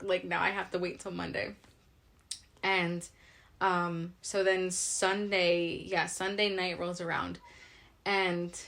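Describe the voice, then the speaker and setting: A young woman in her twenties co-hosting a podcast, telling a personal story in a casual, chatty way, full of "like" and quoted thoughts. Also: mid-range voice. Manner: chatty, heavy use of "like", animated retelling with quoted inner thoughts. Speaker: podcast co-host.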